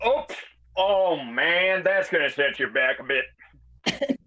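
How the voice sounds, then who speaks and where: Man improviser, higher voice, unhurried dry wit. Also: animated, sharp tone. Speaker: improv performer. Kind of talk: improv comedy banter. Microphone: video call.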